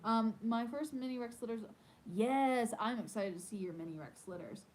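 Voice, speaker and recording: A woman's voice: a little high, moderate pace, poor audio. A woman hosting a casual live stream from home, chatting in a rambling way with lots of fillers. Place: at home in the evening.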